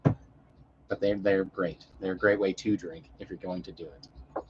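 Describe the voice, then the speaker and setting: A man's voice: low voice, steady tone, unhurried, dull audio, a little hiss or hum. A man chatting casually on a live stream, rambling and swearing in an easygoing way.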